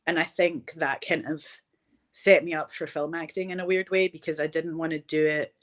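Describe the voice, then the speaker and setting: A woman's voice: low-pitched, steady tone, moderate pace. A woman in her thirties with a Glaswegian accent, chatting animatedly as an interview guest, full of "like" and "do you know what I mean". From Scotland. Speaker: interview guest, actor and director. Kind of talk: casual conversational interview.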